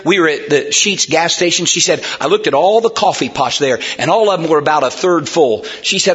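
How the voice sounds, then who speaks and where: A man preaches a sermon in a church, his voice high and ringing with brightness. He swings from soft, hushed lines to emphatic shouting. The recording is muffled and lo-fi. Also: brisk, few pauses. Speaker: pastor. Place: church sanctuary.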